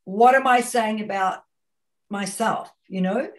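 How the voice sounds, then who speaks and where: A woman's voice: mid-range voice, a little slow. A woman with a New Zealand accent giving a webinar talk as a communication consultant, emphatic and fond of rhetorical questions and repeated phrases. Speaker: guest speaker, communication consultant.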